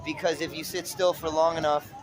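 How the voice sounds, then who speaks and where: High-voiced man rambling outdoors. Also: flat delivery, brisk. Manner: dramatic, stream-of-consciousness, poetic turns. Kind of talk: rambling spoken-word monologue. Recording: street noise with traffic.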